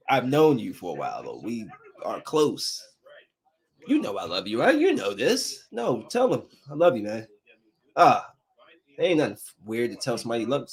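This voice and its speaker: A man's voice: mid-range voice, wildly swooping pitch, moderate pace, husky. A man hosting his own podcast, chatting casually and with feeling about his week. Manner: loose and heartfelt, drifting between grief and upbeat chatter. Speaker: podcast host. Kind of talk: casual solo podcast talk.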